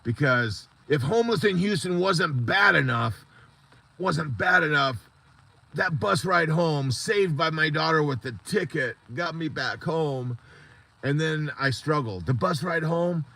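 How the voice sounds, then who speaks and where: Gravelly, bright-voiced man rambling on a live stream. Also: on the high side, expressive, measured pace. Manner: earnest, motivational, rambling. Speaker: support group host.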